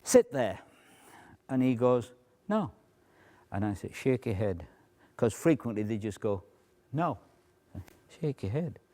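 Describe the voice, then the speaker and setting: Lively man explaining stage cueing. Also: mid-range voice, slow, long pauses. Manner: animated, drops to a hushed near-whisper to show stage cues. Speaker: stage performer teaching a routine. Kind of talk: demonstration lecture.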